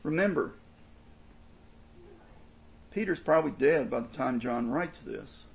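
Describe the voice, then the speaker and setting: Gravelly-voiced man preaching earnestly. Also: medium pitch, lively intonation, a little slow, low-quality recording. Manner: earnest expository preaching, emphatic and repetitive. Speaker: pastor. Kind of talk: sermon.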